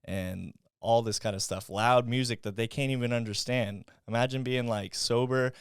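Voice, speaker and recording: A man's voice: mid-range voice, fairly even intonation, moderate pace, clean tone, no echo, clean studio sound. A young man co-hosting a podcast, telling stories in casual chat, swearing freely and laughing often. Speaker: podcast co-host.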